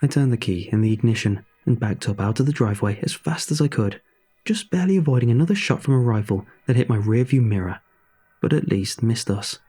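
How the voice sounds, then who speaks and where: A man reading a first-person horror story in a measured, dramatic storytelling manner. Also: medium pitch, lively intonation, mellow, breathy edge, faint music behind.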